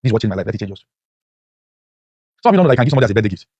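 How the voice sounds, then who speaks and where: Racing through a motivational lecture to his class, a man preaches with rhetorical questions, his voice leaping up sharply at key points. His voice is lowish, sing-song, darkish and husky, with no echo and dull audio.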